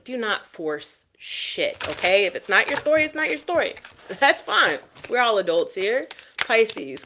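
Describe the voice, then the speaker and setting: A woman giving a casual tarot reading straight to the viewer. She is animated and swears freely, and she repeats phrases for emphasis. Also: mid-range voice, background noise. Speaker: tarot reader.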